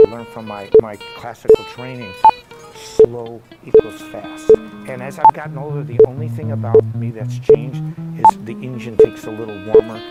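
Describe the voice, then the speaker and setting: Middle-aged man, guitar teacher, rambling and anecdotal, mid-pitched voice, loud guitar behind. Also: low-quality recording. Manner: rambling, anecdotal, full of asides. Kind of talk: casual one-on-one lesson talk. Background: loud electric guitar playing.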